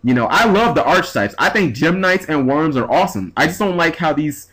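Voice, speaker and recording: A man's voice: a little high, expressive, a little fast, fairly bright tone, husky, rough recording. A young man in a casual vlog rant, exasperated and swearing, acting out what other people said. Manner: exasperated ranting, swearing, quoting others in voices. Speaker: card game vlogger. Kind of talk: ranting vlog.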